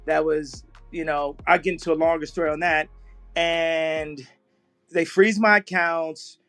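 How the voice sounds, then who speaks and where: High-voiced man telling rambling stories. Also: fairly even intonation, unhurried, fairly bright tone, faint music behind. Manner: rambling storytelling, acting out quoted voices. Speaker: podcast guest. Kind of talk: casual podcast conversation.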